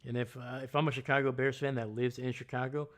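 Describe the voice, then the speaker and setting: A man's voice: mid-range voice, level tone, fast talker. A man hosting a casual live stream, ranting bluntly and heatedly about sports. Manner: greets chat viewers loudly. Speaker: livestream host.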